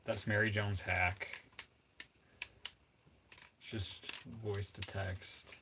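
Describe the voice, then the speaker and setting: A man's voice: fairly low pitch, little pitch movement, extremely slow, heavy background noise. A man from Minnesota chatting casually on a livestream, rambling and joking as he reads chat aloud. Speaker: streamer.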